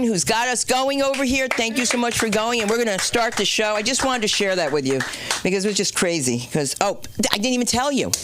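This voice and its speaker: A woman comedian hosting an open mic night, telling a rambling stand-up story with swearing and sudden loud and low turns. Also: a little hiss or hum. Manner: animated, swearing, jumps between loud and low. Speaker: comedian and show host. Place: small comedy club stage.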